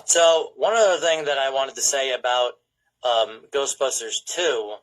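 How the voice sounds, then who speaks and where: A man's voice: mid-range voice, measured pace, low-quality recording. A man hosting a casual film podcast. He rambles, laughs often and quotes movie lines in a put-on voice. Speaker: podcast host.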